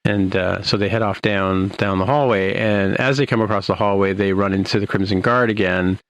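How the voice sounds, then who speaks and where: A man hosting a podcast, recapping an episode in a rambling, halting way with many restarts. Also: low-pitched, steady tone, rough recording. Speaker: podcast host.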